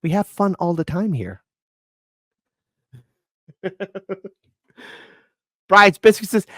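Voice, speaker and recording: A woman's voice: medium pitch, big pitch swings, slow pace, long pauses, no room sound, studio quality. A woman from Chicago hosting an online commentary show, talking in a mocking, playful way. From Chicago, USA. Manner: mocking, playful, bouncy delivery. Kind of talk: casual commentary stream.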